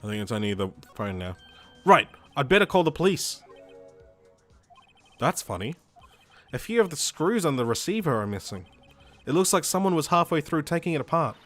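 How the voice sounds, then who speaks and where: A man voicing a young male defense lawyer's inner thoughts and narration from a game, low and muttered. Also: big pitch swings, normal speed, pauses often, soft background music. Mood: wary. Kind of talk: reading game narration aloud.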